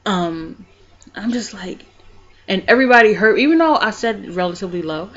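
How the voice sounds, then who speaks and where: A woman speaks straight to the camera in a personal vlog. Her voice sits at a middle pitch, calm and soft in reflective stretches and lively when she acts out scenes. The home video audio is a little dull and muffled. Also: moderate pace. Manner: animated, reenacts scenes. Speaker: vlogger.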